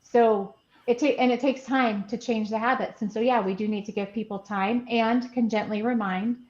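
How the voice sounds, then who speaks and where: A woman's voice: on the high side, fairly even intonation, moderate pace, a little mellow. A middle-aged woman, a podcast co-host, chatting casually and laughing often as she tells stories. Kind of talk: casual chat. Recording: roomy, muffled sound.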